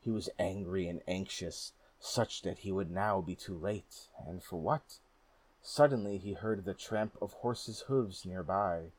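A slightly husky, low-voiced man gives a storybook reading of a folk tale. The pacing stays steady and measured, and his manner is calm throughout.

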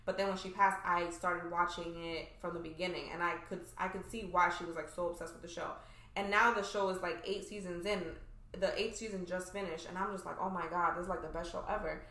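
A young woman talks openly on a podcast, her fillers tumbling through every sentence. Her voice is bright and sits a touch low, and the room gives it a noticeable echo. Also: fairly even intonation, a little fast. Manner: chatty, frequent fillers like "like" and "you know". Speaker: podcast guest. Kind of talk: casual chat.

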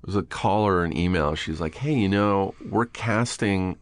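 In a small studio room, a podcast host with a low-pitched voice swaps stories in casual conversation at an ordinary pace. He curses freely and mimics the voices of anyone he quotes, and the recording is dry.

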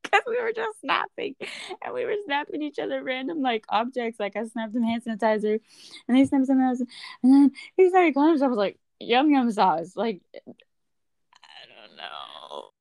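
A woman whose voice sits high talks fast with vocal fry, in a studio-quality recording without echo. As she chats with a friend, she tells stories animatedly and acts out the texts and remarks of others.

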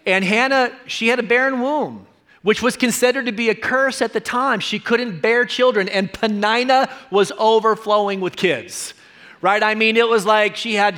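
Pastor, male, higher voice, earnest conversational sermon delivery with frequent repetition. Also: moderate pace, bright, forceful tone.

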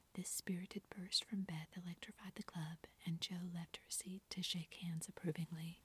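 A woman narrating a classic story in a soft, steady whispered role-play. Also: fairly low pitch, moderate pace, few pauses. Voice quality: breathy whisper.

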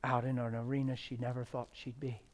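A middle-aged man preaching a testimony sermon, swinging from loud shouted stretches to hushed, near-whispered ones. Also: medium pitch, flat delivery, brisk.

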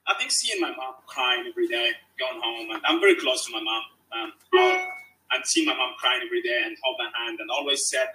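A man's voice: mid-range voice, sing-song, fast, pushed and bright, distant mic, rough recording. A man from Tunisia with a Tunisian accent, telling his life story as an interview guest in emphatic, broken English that repeats its phrases.

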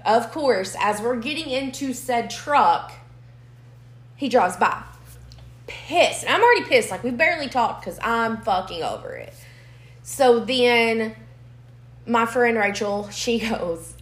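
Young woman, podcast co-host, blunt and profane storyteller; roomy echo on the mic. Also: a little high. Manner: blunt, swears freely, animated storytelling. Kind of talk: casual storytelling chat. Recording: echoey room.

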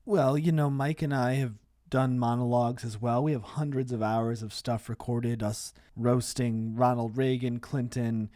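A man's voice: medium pitch, fairly even intonation, moderate pace, hardly any pauses, dark tone, no room sound, studio quality. A man co-hosting a comedy show, complaining in a hesitant, aggrieved way.

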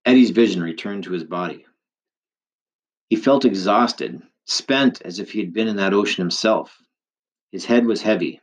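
A man reading a novel aloud in steady, vivid scripted narration. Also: lowish voice, moderate pace. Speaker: audiobook narrator.

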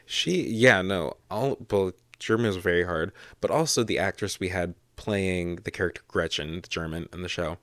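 A young man in his twenties co-hosting a podcast, chatting casually with a relaxed manner. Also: sits low, normal speed, few pauses, dry recording. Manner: relaxed, many "um" and "like" fillers. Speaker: podcast co-host.

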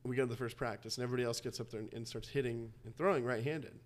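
A man's voice: medium pitch, fairly even intonation. A young man co-hosting a podcast, chatting casually and eagerly, laughing often. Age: young adult. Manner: enthusiastic, quick to laugh. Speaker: podcast co-host. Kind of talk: casual chat.

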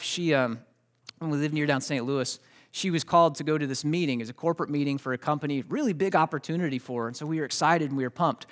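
A man's voice: fairly high pitch, a bit bright. A man pastor preaching a Sunday morning sermon in a conversational, storytelling way, often restarting his words and speaking directly to the congregation.

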